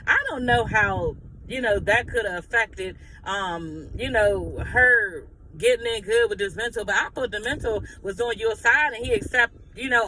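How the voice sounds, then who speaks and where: A man's voice: extremely high pitch, pushed and bright, a little hiss or hum, rough recording. A man giving a sassy, blunt, profanity-laced recap of reality TV drama in casual gossip style.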